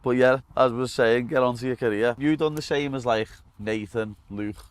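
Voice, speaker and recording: A young Liverpool man talking casually in quick, slangy banter, tossing in "lad" all the time. His voice comes across smooth and resonant at an everyday mid pitch. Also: steady tone. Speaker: host. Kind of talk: casual chat.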